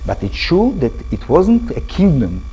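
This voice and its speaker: An older man with an Israeli accent giving a lecture to an audience, in halting English, often restarting words and asking the listeners questions. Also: a little high, huge pitch swings, dark tone, slightly rough, faint music behind, poor audio. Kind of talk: public talk to an audience.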